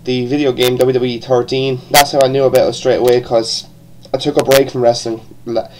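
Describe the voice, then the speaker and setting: An Irish-accented man, born in England and partly raised in Ireland, reviews wrestling shows in a loose, unscripted ramble, stumbling over words, restarting sentences and swearing casually now and then. His voice is mid-range and ordinary, with flat delivery, a slightly quick pace and a mellow edge. The audio is poor, with some hiss or hum.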